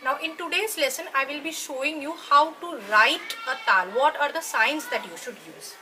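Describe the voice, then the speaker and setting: A woman's voice: high voice, moderate pace, noisy background. A woman, patiently explaining a dance lesson and checking in with her students as she goes. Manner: patient, checks in with "right?" and "okay?". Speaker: dance teacher.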